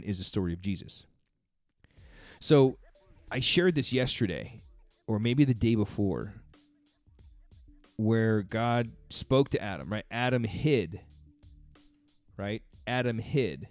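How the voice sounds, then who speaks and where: Lowish guy doing a casual faith talk, earnest, chatty, dry close sound, a bit of music underneath. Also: darkish tone, dry recording. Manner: earnest, conversational, laughs between points. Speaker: fitness coach giving a daily faith talk.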